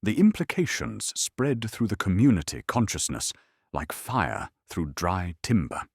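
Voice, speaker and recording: Deep husky sleep-story narrator, man. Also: sing-song, a little mellow, no room sound, clean studio sound. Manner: slow, soothing, measured storytelling.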